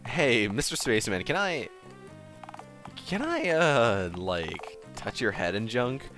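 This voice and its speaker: A man's voice: mid-range voice, big pitch swings, fairly bright tone, faint music behind. A man voicing a young, laid-back surfer dude who drawls slang like gnarly and bodacious. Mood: curious. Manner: slangy, drawn-out dude talk.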